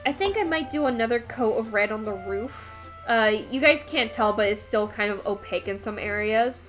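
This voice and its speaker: A young woman with a somewhat high voice, chatting casually on a live stream while she paints. She rambles along, full of "um" and "like" and the odd curse, over faint music in the background. Her delivery stays loose and conversational. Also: expressive, normal speed, a bit bright. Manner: rambling and chatty, with frequent fillers and swearing.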